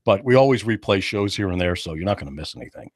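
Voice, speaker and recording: A man's voice: sits low, fast talker, no echo. A man hosting a talk radio show, chatting casually and jokingly in a studio. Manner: animated, jokey, acts out other people's voices. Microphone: studio microphone.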